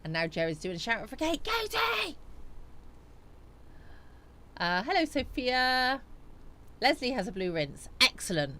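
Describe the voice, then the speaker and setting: A woman hosts a casual live chat stream, chatting away while she reads out viewer messages and replies to them. Her voice swings widely in pitch and stays animated. A faint hum of noise sits under her voice. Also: quick pace, few pauses.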